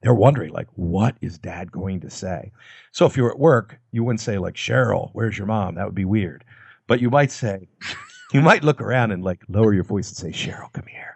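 His voice is husky with vocal fry, moving at a moderate pace with no echo. As a guest persuasion expert, he explains communication techniques conversationally, illustrating them by acting out short quotes in a lowered voice.

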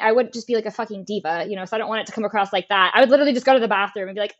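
A young woman speaking as a podcast guest, open and emotional, with frequent laughs and casual swearing. Her voice sits a little high, and the recording sounds slightly muffled and lo-fi. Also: very fast, hardly any pauses. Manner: emotional, animated, laughs often, swears freely. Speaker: podcast guest, race car driver. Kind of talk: candid conversational interview. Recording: lo-fi muffled audio.

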